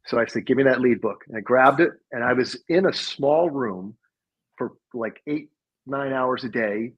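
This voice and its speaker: A man with a husky, slightly breathy voice talks through his sales career in a relaxed, reflective way. His audio sounds dull and lo-fi, as if it were recorded on a remote call. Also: mid-range voice, unhurried. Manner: reflective, laughs while telling stories. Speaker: podcast guest, sales leader. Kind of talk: casual conversational storytelling.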